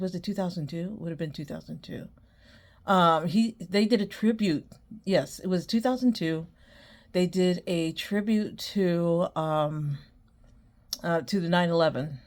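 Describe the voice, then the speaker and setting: A woman hosting her own podcast, chatting casually and rambling, often breaking into giggles. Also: on the low side. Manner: rambling, many fillers. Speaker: podcast host. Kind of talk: casual solo chat.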